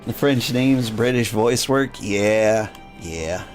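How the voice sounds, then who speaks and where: A man's voice: lowish voice, takes it slowly, soft background music. A man giving casual, rambling game commentary as a streamer. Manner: rambling, with fillers and restarts.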